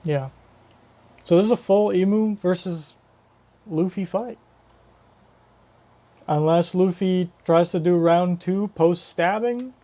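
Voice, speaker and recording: A man's voice: sits high, slow pace, pauses often, dark tone. A man giving casual live reaction commentary on a manga chapter, rambling and swearing casually as he thinks aloud.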